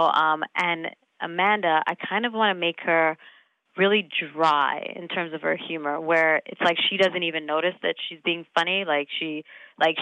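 A young adult actress talking casually in an interview, chatty, laughing often and full of fillers and restarts. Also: female voice, lowish voice, no echo, phone-quality sound. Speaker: actress guest.

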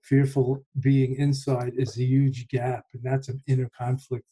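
A man in a reflective conversation, speaking in a measured, thoughtful way and often pausing to find his words. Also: mid-range voice, completely flat delivery, mellow, breathy edge, poor audio.

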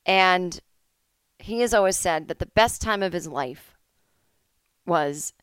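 A woman's voice: fairly low pitch, slow pace, a bit bright, clear, resonant tone, no echo, clean studio sound. A woman hosting a podcast from home, telling comic stories in a casual monologue and acting out the people she quotes in shifting voices. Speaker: podcast host.

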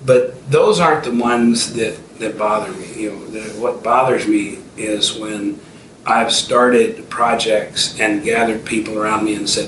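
A man's voice: on the low side, steady tone, a little slow, a bit bright. Man in his fifties, distant roomy sound. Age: 50s. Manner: storytelling, frequent restarts and fillers. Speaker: entrepreneur guest. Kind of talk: casual interview talk. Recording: roomy and distant with faint noise.

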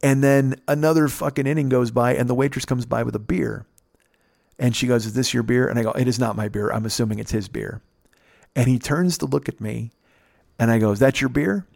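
A man telling a casual, profane story on a podcast, jumping up in pitch to mimic the people in it. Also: brisk, vocal fry, no echo, studio quality. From United States. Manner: animated, profane, mimics others with pitch jumps. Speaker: podcast host.

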